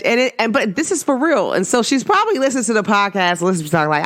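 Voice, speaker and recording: A woman hosting a podcast, talking casually in a rambling, animated way with many fillers. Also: mid-range voice, fast, hardly any pauses. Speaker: podcast host.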